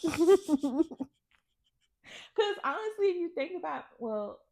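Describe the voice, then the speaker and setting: A woman co-hosting a podcast, talking in a relaxed, rambling way with fillers. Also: high voice, slow pace, vocal fry. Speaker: podcast co-host. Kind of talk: casual chat.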